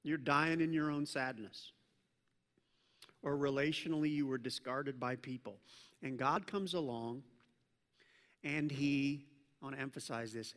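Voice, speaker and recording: A man preaching a sermon to a congregation, talking conversationally and joking with the room, swinging between loud emphasis and hushed intensity. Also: medium pitch, measured pace, long pauses. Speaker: pastor. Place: church service with a congregation. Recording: long church reverb.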